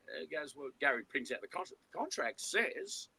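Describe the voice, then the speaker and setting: A man's voice: medium pitch, sing-song, fairly quick, sharp tone, slight background noise, poor audio. A man, a co-host and musician, telling rambling anecdotes in a casual chat, acting out quotes and restarting his sentences.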